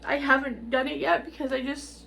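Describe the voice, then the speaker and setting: A middle-aged woman talking straight to camera in a tearful, rambling personal update, halting and repeating herself. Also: high voice, flat delivery, vocal fry, sharp tone, slight background noise. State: tearful, on the verge of crying. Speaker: vlogger.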